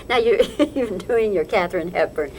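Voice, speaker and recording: A woman interviewing a guest, keeping things moving with short, friendly questions. Her voice sits at a middle pitch. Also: expressive, unhurried, a little mellow, slight background noise, rough recording.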